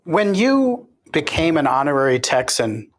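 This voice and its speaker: A man's voice: a little high, big pitch swings, measured pace. A man hosting an interview, asking dry, teasing questions. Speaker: interview host.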